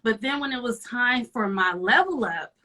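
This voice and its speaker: A woman in her thirties, a guest in a casual chat, telling a confessional story in a lively way. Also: a little high, normal speed, low-quality recording.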